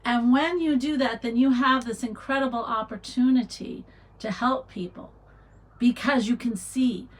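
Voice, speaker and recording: A middle-aged woman hosting a casual livestream, chatting and reading viewer comments aloud with warm encouragement. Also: on the high side, normal speed, poor audio. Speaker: livestream host.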